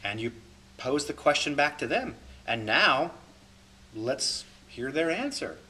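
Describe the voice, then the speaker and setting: A man's voice: a little high, sing-song, slow pace, pushed and bright, slight background noise. A man teaching a recorded class as a holistic coach, repeating key points and talking through examples.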